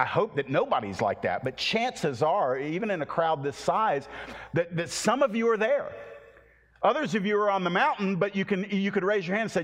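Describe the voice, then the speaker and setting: A man's voice: medium pitch, a bit bright. Man preaching in a reverberant hall. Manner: impassioned preaching with repeated phrases and stammered restarts. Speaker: pastor. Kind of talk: sermon. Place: large church hall. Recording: long reverb of a large hall.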